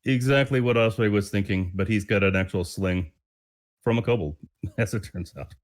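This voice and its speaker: A man's voice: lowish voice, moderate pace. A man playing in a tabletop game, chatting in an easygoing, agreeable way. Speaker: player. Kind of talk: casual chat during a tabletop game.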